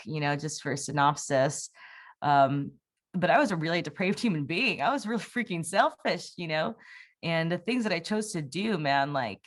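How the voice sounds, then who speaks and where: A young woman, an interview guest, telling a personal testimony in a candid, rambling way, full of fillers and restarts. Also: low-pitched. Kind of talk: personal testimony in casual conversation.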